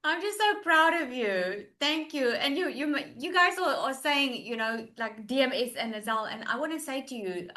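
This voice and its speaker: A woman's voice: on the high side, fairly bright tone. A woman hosting a webinar as a coach, speaking directly and encouragingly to her audience. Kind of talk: motivational webinar talk.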